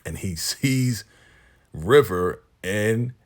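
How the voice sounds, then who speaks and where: A man's voice: fairly low pitch, expressive, extremely slow. A man hosting a casual, chatty episode recap, amused and talking straight to his viewers.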